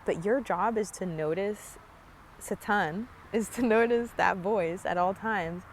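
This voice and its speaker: A woman's voice: mid-range voice, measured pace, a little hiss or hum. A young woman musing earnestly outdoors in a park, talking casually about spiritual growth with many fillers. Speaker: spiritual vlogger. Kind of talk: casual reflective monologue.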